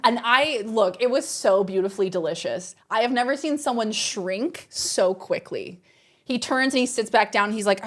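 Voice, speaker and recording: A woman streamer telling a story to her live chat in a lively, exasperated way, swearing freely. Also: fairly high pitch, moderate pace. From Australia.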